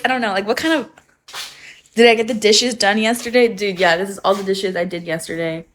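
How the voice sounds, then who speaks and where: Young woman streamer, casual and giggly, curses freely, mid-pitched, phone mic at home. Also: fairly even intonation, fairly quick, a bit bright, rough recording. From United States. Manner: giggly, chatty, swears freely. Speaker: livestreamer. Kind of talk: casual livestream chat.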